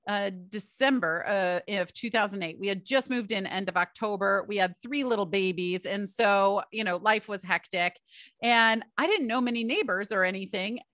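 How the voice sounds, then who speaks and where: Bright, chatty woman podcaster. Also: mid-range voice, normal speed, no echo, studio quality. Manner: chatty, storytelling, addresses listeners as "you guys" and "y'all". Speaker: podcast host. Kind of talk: solo podcast monologue.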